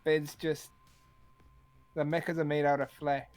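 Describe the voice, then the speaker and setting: A man co-hosting a stream, building model kits and joking in a low-key way. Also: level tone, normal speed, a little mellow, clear, resonant tone, soft background music. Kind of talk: casual chat.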